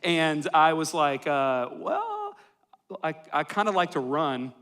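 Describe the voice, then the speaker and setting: A man's voice: a little high, measured pace, a bit bright, clean tone. A young man, preaching a sermon full of self-deprecating jokes and personal stories. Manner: joking, self-deprecating storyteller. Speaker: pastor. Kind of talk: sermon with storytelling. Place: church worship hall.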